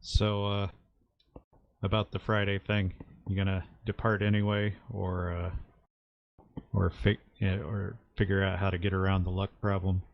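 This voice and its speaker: Gravelly low-voiced man running the game. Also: level tone, lo-fi sound. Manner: halting, with many uhs. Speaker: game master. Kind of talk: narrating a tabletop game.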